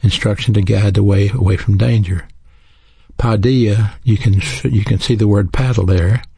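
A man preaching in an earnest, teaching manner, his low voice gravelly and husky. The tone is dark and mellow, and the sound is close and dry with no room around it. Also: steady tone, normal speed, no room sound. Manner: earnest, teaching, spells out words. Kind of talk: sermon.

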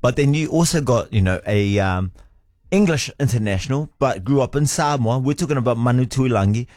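Male radio host, playful banter, animated pitch, dry close mic. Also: brisk, no echo. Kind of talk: casual on-air banter.

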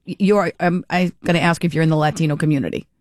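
Chatty talk radio hostess, dry studio. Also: female voice, sits low, fairly even intonation, quick pace, dry recording. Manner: chatty, rambling, many restarts. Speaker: radio talk show host.

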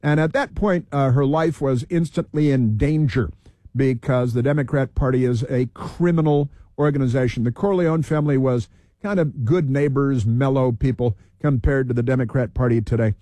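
A man's voice: medium pitch, normal speed, warm tone, no room sound. A man hosting political talk radio, heated, repeating himself and reeling off long lists.

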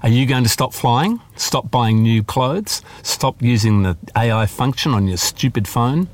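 A man's voice: mid-range voice, lively intonation, a little slow, dry recording, pitched above the performer's own voice, natural voice. A man reading aloud as a stubborn, fond middle-aged father who turns exasperated with his daughter. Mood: belligerent. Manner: soothing then exasperated.

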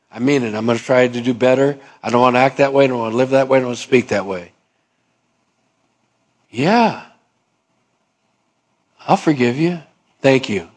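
A man's voice: mid-range voice, quick pace. A male pastor preaching a sermon in a conversational way, acting out both sides of little dialogues.

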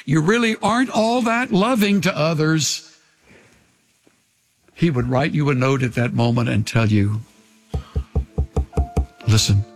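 A man preaches a sermon in a husky, slightly high voice. He is earnest, slowing down to dwell on key phrases and sinking to a near-whisper for emphasis. At times his voice sounds a little farther from the mic. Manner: earnest, slows to linger on key phrases, drops to a hush. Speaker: pastor.

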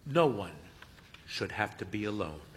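A man narrating a story in a measured, expressive storytelling manner. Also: on the low side, long reverb tail. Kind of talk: audiobook-style story narration.

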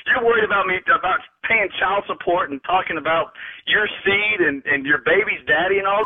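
A man's voice: sits high, fairly quick, slightly rough. A man on a phone call who sputters in disbelief and keeps laughing through his words. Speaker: prank call victim. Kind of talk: phone call on a radio show.

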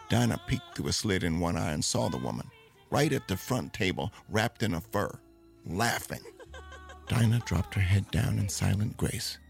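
Gravelly, expressive male storyteller. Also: lowish voice. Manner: expressive, lingering on dramatic moments. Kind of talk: dramatic spoken storytelling.

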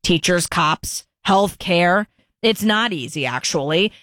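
A woman's voice: fairly low pitch, lively intonation, takes it slowly, a bit bright, no echo, clean studio sound. A woman hosting a talk radio show, delivering an emphatic opinion monologue and repeating herself for stress.

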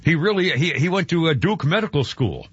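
A man's voice: a little high, big pitch swings, fairly quick, background noise. A man hosting a radio show, chatting in a rambling way and stumbling over his words. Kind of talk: morning radio chat. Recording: dull, dry radio broadcast.

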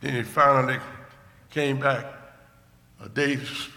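An older male preacher giving a sermon testimony, moving from hushed storytelling to shouted rejoicing. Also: medium pitch, little pitch movement, a little slow, creaky. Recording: echoey hall with long reverb.

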